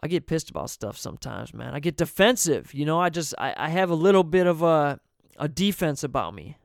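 A man's voice: on the high side, very animated, fairly quick, creaky, no room sound, studio quality. Profane laid-back man telling a story. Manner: laughs between sentences. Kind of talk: casual storytelling.

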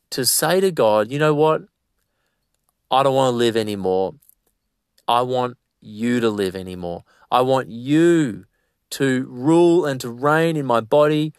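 A man preaches with fervent, exhorting force, his voice sitting a little high and leaping up in emphatic bursts. The sound is dry and close, with no room around it. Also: dry recording. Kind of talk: sermon.

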